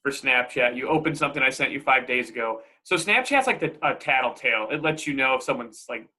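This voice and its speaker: A young man co-hosting a casual podcast. His voice is bright and of medium pitch. He chats in an easygoing, upbeat way. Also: lively intonation, fast talker. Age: young adult. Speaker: podcast co-host. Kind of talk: casual chat.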